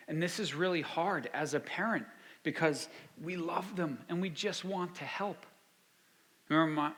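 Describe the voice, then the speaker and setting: A man's voice: mid-range voice, a bit bright, big-room sound. A man giving a talk to parents, telling stories from his own family and asking the audience questions. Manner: storytelling, asks the audience. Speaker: speaker.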